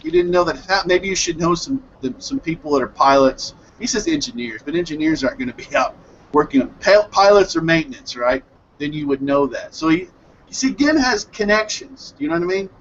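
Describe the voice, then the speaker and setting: A man hosting an online hangout, excitedly recapping an anime episode in a rambling, self-correcting way over a headset mic on a video call. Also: fairly high pitch, brisk, lo-fi sound, slight background noise. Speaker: hangout host reviewing anime. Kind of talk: casual group hangout chat.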